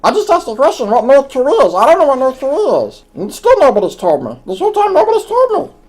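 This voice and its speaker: A man's voice: extremely high pitch, wildly swooping pitch, fast talker, darkish tone, heavily acted, poor audio. A man voicing a naive, clueless young man who argues defensively in comedic gaming banter. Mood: confused. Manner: argumentative, defensive.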